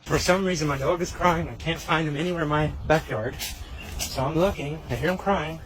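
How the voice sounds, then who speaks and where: Man outdoors in a backyard, puzzled, narrating his search, slightly high voice, noisy background. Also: a little fast. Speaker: dog owner.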